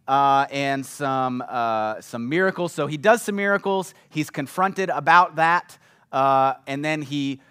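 A man preaching in an easygoing, conversational way, his voice sitting a little on the high side. He keeps checking in with the room as he talks and slips into lively voices for the people in the story. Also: clean tone. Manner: chatty, often checks in with "right?", acts out quotes. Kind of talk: casual conversational sermon.

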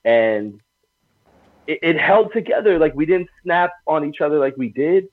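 A man's voice: on the high side, lively intonation, normal speed, no room sound. A man, a guest on a wrestling podcast, speaking frankly and stammering often. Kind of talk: casual podcast chat. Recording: tinny phone-like line, dry.

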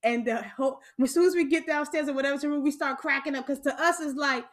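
A woman's voice: high-pitched, quick pace. A woman in her thirties telling a profane story in casual chat, laughing often and talking with lots of energy.

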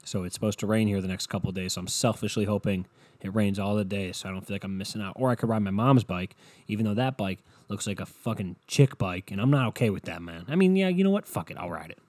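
A man with a fairly low voice rambles through a podcast story, cursing freely and poking fun at himself. The sound is close and dry, with no room around it. He keeps it loose and conversational, like chatting with a co-host. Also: fast talker, a little mellow, no room sound. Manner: swears a lot, rambling, self-mocking. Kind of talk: casual profane storytelling rant.

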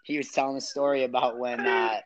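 A man's voice: medium pitch, flat delivery, fairly quick, lo-fi sound. Brash young guy with noise behind. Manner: brash, joking, profane. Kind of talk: casual chat. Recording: clear background noise.

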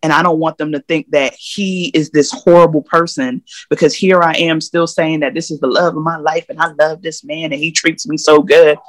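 A woman's voice: sits low, fairly even intonation, moderate pace, few pauses, no room sound. A woman guest in a casual interview, telling her own story in a candid, emphatic way. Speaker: podcast guest.

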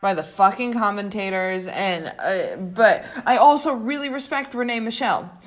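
A woman of mid pitch talking in a relaxed podcast chat. She gushes and swears freely, restarting sentences and leaning on "like." Her delivery is loose and conversational. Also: normal speed. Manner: gushing, profane, lots of restarts and "like". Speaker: podcast guest. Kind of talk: casual chat.

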